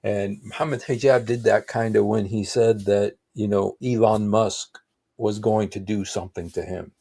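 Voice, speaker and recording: A man's voice: lowish voice, fairly even intonation, normal speed, vocal fry, mellow. A man hosting a livestream, giving rambling, casual reaction commentary with frequent exclaimed asides. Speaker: livestream host.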